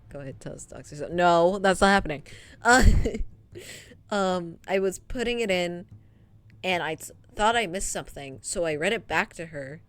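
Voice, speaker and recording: A young woman streaming, telling a work story in casual chat, laughing often and filling pauses with ums. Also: fairly low pitch. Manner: chatty, laughs often, many ums and trailing asides.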